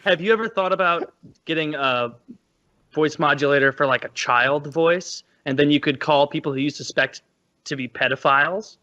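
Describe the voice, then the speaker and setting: A chatty man co-hosting a podcast, joking and laughing as he goes. His voice is bright and forceful and sits a bit high. The mic has a dull, lo-fi tone. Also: moderate pace. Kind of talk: casual podcast chat.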